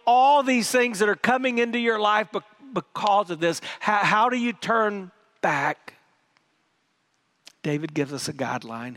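A middle-aged pastor preaches with earnest conviction, doubling back on words as he presses his point. His voice sits a little high for a man. He moves from urgent appeals to hushed, prayerful moments. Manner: earnest, repeats words, drops to soft prayerful tones. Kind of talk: sermon.

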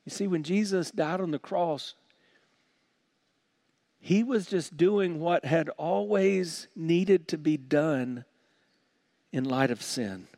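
A man preaching a sermon as pastor, swinging from quiet, slow lines to loud, shouted ones. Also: fairly high pitch, no room sound.

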